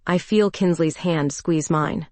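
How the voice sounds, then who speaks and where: A woman narrating a first-person romance story in a calm, even storytelling voice. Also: deep voice, slow pace, no echo.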